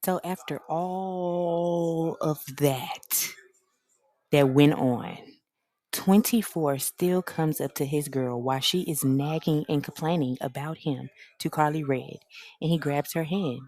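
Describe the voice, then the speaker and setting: A woman hosting her own reaction channel, recapping a reality TV episode in a sassy, slangy, animated way. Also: sits low, slow pace, no room sound. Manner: animated, slangy, sassy storyteller who acts out the quotes. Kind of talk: casual reality-TV recap commentary.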